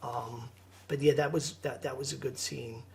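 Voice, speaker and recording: A man, an actor, speaking in a soft-spoken, earnest way as a podcast guest. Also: mid-range voice, steady tone, moderate pace, creaky, a little hiss or hum. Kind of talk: casual interview chat.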